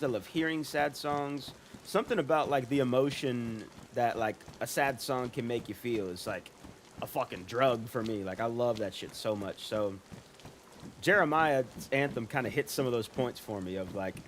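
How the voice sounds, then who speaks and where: A man live-streams a game and rambles along in relaxed, profane chat. His voice sits at an ordinary middle pitch, with a faint hiss underneath. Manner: rambling, swearing, laughing.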